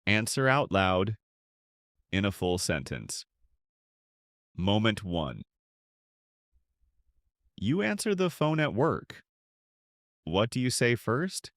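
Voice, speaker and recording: Guy teaching slow english, low voice, really dry close sound. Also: very animated, a bit bright, dry recording. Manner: slow, clear, with pauses for repeating. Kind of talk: slow scripted lesson for learners.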